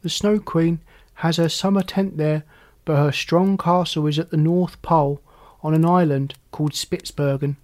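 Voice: mid-range voice, fairly even intonation, moderate pace, a little mellow, natural voice. A proud reindeer speaks eagerly of his snowy homeland, as a storyteller reads his part. The voice stays near the reader's own, plain and earnest.

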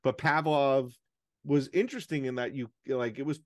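A man's voice: medium pitch, moderate pace, no room sound, studio quality. Profane, rambling podcast co-host, man. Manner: profane, animated storytelling with self-deprecating rants. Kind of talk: casual chat.

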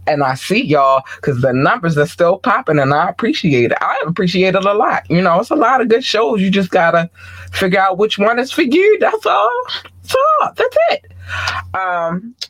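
A man hosting his own podcast in a casual, playful chat, giving chatty shout-outs and laughing now and then. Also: high voice, lively intonation, moderate pace, no room sound. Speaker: podcast host.

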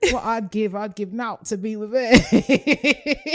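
A woman's voice: fairly high pitch, slow, fairly bright tone, no room sound, voice pushed up. Woman doing a Geordie accent, flirty northern lass, cheeky, playful, sing-song. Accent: Geordie English, put on. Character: flirty northern English lass chasing lads. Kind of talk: comic impression within a podcast.

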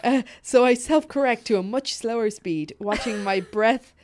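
A woman's voice: fairly high pitch, normal speed. A woman reading a funny story aloud on a podcast, often laughing, stopping to comment and swearing freely. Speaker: podcast co-host.

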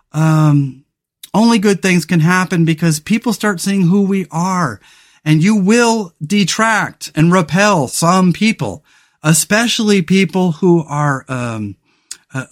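On his solo motivational podcast, the host speaks in a voice on the high side. Earnest and meandering, he keeps restarting his sentences, fills gaps with fillers, and lets an occasional curse slip.

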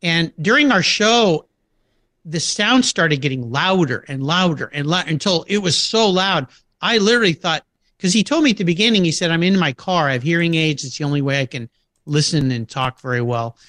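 A man's voice: fairly high pitch, animated, a little fast, fairly bright tone, no echo, studio quality. A middle-aged man telling anecdotes in a casual interview, acting out quoted voices and laughing often. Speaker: podcast guest.

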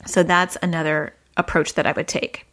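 A woman in her thirties, a parenting coach, giving advice in a chatty podcast style and jumping up in pitch when she acts out what children say. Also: normal speed. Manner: conversational, acts out quoted dialogue with lively pitch jumps.

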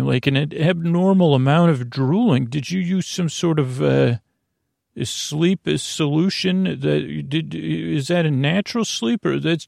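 A man's voice: fairly high pitch, vocal fry, a little mellow, no echo, clean studio sound, voice pushed up, exaggerated voice. A man voicing a pampered socialite woman prisoner who talks in a sleepy, fussy, rambling way.

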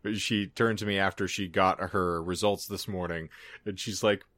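A man's voice: low voice, fairly even intonation, moderate pace, fairly bright tone, no room sound. A man co-hosting a casual podcast, joking with dry sarcasm and mumbled asides. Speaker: podcast co-host. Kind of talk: casual chat.

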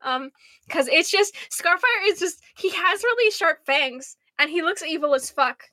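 A young American woman co-hosting a casual podcast, rambling excitedly and swearing freely. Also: very high voice, a little slow, no echo. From United States. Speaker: podcast co-host. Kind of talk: casual fan chat.

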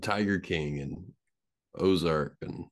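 Low-voiced dude on a podcast, short dry replies. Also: male voice, takes it slowly. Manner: brief reactions, dry asides. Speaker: podcast co-host. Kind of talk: casual chat.

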